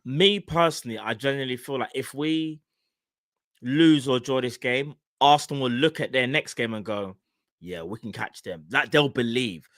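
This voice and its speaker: A young man co-hosting a casual football chat, animated, teasing and emphatic. His voice is bright and forceful and sits at a middling pitch. It is recorded dry, with little room sound. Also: moderate pace, dry recording. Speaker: co-host.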